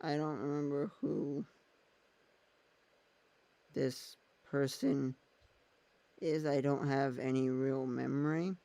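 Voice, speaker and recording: A man's voice: medium pitch, level tone, slow, vocal fry, pauses often, dark tone. A man vlogging in a casual, rambling way, thinking aloud as he goes. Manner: thinks aloud while using his phone and laptop, meandering.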